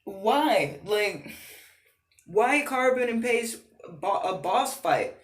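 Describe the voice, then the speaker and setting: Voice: mid-range voice, expressive, extremely slow. A gaming vlogger ranting casually, exasperated and profane, rambling with frequent fillers. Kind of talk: casual rant. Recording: roomy echo.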